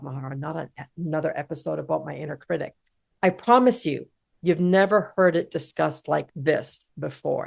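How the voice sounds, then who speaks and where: A woman's voice: fairly low pitch, vocal fry, darkish tone. A middle-aged woman hosting a self-help podcast, talking in a punchy, emphatic way with casual swearing. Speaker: podcast host.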